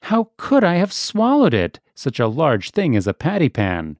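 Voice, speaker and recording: A man's voice: fairly high pitch, huge pitch swings, normal speed, no room sound, clean studio sound, voice pushed up. A man doing an anxious, fretful lady dog. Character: anxious, fussy female dog guest.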